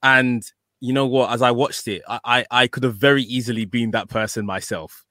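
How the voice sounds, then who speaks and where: A man hosting a podcast in casual chat, emotional and gushing, repeating words when excited. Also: medium pitch, normal speed, dry recording, clean studio sound. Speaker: podcast host.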